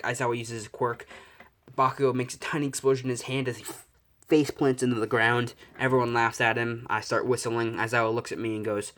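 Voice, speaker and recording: A man's voice: medium pitch, a bit bright. Rambling young man telling a story. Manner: rambling, self-correcting, swears casually. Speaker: fan-fiction storyteller. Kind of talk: improvised casual storytelling.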